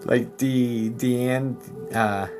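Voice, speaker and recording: A man's voice: medium pitch, fairly even intonation, extremely slow. Chatty man streaming over music. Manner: rambling, chatty, with frequent fillers and laughs. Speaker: psychic medium. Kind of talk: casual livestream chat. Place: home livestream setup. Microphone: streaming mic. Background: soft background music.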